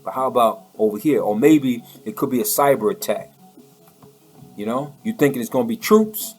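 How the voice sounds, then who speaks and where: A man delivering an impassioned, preachy monologue in loose, colloquial speech, tripping over repeated words as he presses on. His voice sits at an ordinary middle pitch. Soft music plays faintly behind him. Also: lively intonation, moderate pace. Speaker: political commentator.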